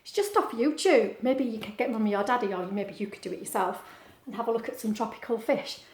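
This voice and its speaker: A woman's voice: a little high, a little fast, darkish tone, reverberant. A woman, a teacher, reading a picture book aloud at home for children, chatty and asking them questions. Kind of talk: storybook read-aloud.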